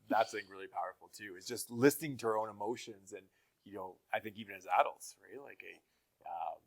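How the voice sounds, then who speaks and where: A man in his forties hosting a casual interview, telling stories animatedly and acting out quotes. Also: lowish voice. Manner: animated storytelling, acts out quotes. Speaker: interview host.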